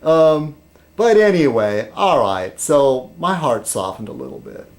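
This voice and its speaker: A man's voice: mid-range voice, big pitch swings, a little slow, darkish tone. A man vlogging in a rambling casual monologue, meandering and interrupting himself, with dry humor.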